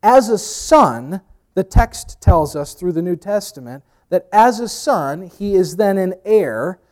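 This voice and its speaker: A man preaching from the pulpit in a conversational way. He drops to near-hush and rises to emphatic lines, and he mixes in wry, self-mocking asides. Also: high-pitched, expressive, slow pace. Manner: conversational preaching, swinging between hushed and emphatic; uses pop-culture asides and self-deprecating humor. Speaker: pastor. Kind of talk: sermon.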